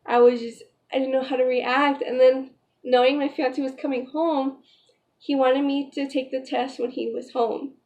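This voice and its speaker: A woman's voice: high voice, flat delivery, normal speed, a little mellow. A young pregnant woman chatting in a casual vlog, retelling a story emotionally with lots of "like" and "you know". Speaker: vlogger.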